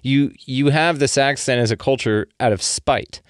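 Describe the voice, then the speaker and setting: A man's voice: mid-range voice, moderate pace, smooth, dry recording, studio quality. A man with a Southern US accent hosting a casual podcast chat, teasing and joking with some swearing. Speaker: podcast host.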